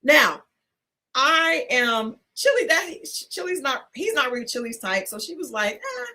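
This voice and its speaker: A woman co-hosting a talk show, telling a story in a casual, animated way, laughing often and restarting her sentences. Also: sits high, measured pace, slight background noise. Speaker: podcast co-host.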